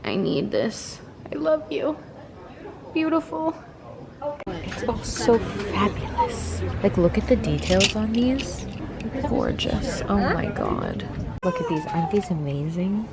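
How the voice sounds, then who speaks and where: A woman hosting her own shopping vlog, gushing with excitement as she films on her phone at an outdoor flea market, sometimes dropping to a whisper. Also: mid-range voice, slow pace, vocal fry, pauses often. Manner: gushing, animated, drops into soft whispers. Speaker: vlogger host. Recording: phone audio with loud crowd.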